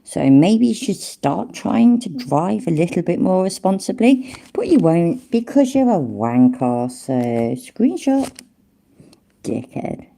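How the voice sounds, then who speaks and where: A woman's voice: fairly low pitch, big pitch swings, slow pace, vocal fry, mellow. A woman giving mocking reaction commentary over a stream, sarcastic and taunting, swearing freely.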